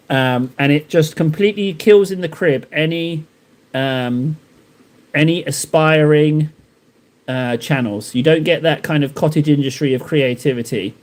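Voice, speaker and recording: Male streamer, fairly high voice, rambling and joking with chat as he paints. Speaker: live streamer painting miniatures. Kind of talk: casual live-stream chat while painting.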